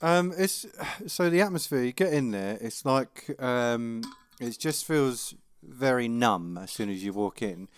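A man talking calmly and evenly in a casual chat. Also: mid-range voice, unhurried, hardly any pauses, clean tone.

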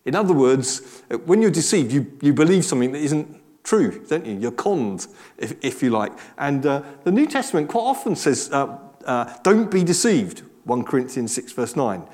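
Chatty man preaching, lively pitch. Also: moderate pace. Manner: chatty, self-deprecating, many restarts and asides. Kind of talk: conversational sermon.

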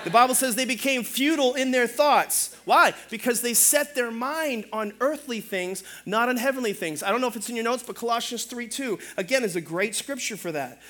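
High bright-voiced guy pastor, funny and lively sermon, asks for amens. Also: brisk, few pauses. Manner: animated, humorous, calls for amens.

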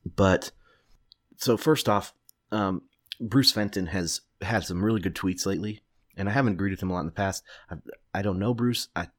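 A man's voice: low-pitched, normal speed, no echo, clean studio sound. A man in his thirties hosting a solo commentary podcast, blunt and opinionated, swearing and rambling through restarts. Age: 30s. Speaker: podcast host.

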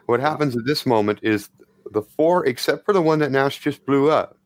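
A man's voice: mid-range voice, moderate pace, dry recording, clean studio sound. A man narrating as game master of a tabletop role-play game, in a casual, profane, descriptive way.

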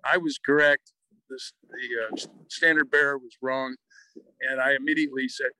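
An older man from the American Midwest, a guest author telling lively anecdotes in an interview and acting out the quotes. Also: mid-range voice, normal speed, slight background noise, poor audio. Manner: lively anecdotal storyteller who acts out quotes. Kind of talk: storytelling in an interview.

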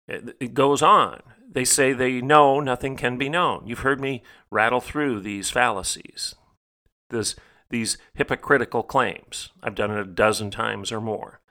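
A man's voice: mid-range voice, pushed and bright. A middle-aged man hosting a podcast, delivering an emphatic, rhetorical monologue that repeats phrases for stress. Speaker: podcast host. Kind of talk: preaching monologue.

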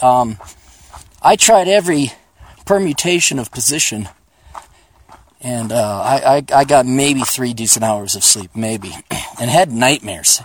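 Man, slightly high voice, casual rambling talk, profane, sarcastic, outdoors on a trail, phone mic. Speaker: podcast host.

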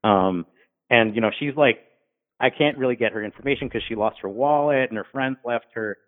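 A man casually telling funny stories from his paramedic work, acting out the people he met in high voices. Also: brisk. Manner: animated, acts out drunk patients in high voices. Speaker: guest, former paramedic. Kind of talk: casual storytelling. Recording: tinny phone-like sound.

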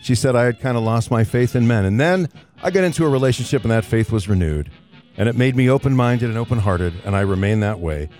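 A man's voice: medium pitch, expressive, quick pace, a little mellow, faint music behind. A man hosting an entertainment news segment in a breezy, chatty way.

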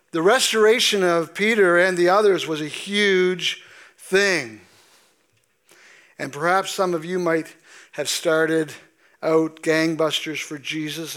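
A man preaches a sermon from the pulpit of a church, pacing his words slowly and stretching out the lines he quotes from scripture for weight. His voice sits high for a man. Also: steady tone, fairly bright tone. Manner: slow, deliberate preaching with emphatic drawn-out scripture quotes. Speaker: pastor. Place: church sanctuary.

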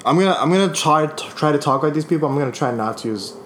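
A young man in a casual chat with friends, easygoing and quick to laugh at himself. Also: on the high side, animated, a bit bright, a little hiss or hum.

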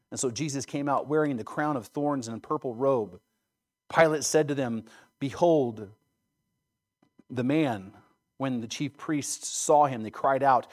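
Man reading scripture dramatically in a sermon. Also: fairly high pitch. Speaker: preacher.

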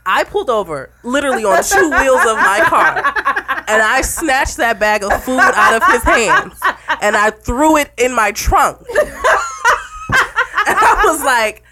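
A woman's voice: sits high, very animated, unhurried, a crowd in the background. A woman co-hosting casual drunken girl talk, telling blunt, profane stories with emphasis. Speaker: podcast co-host.

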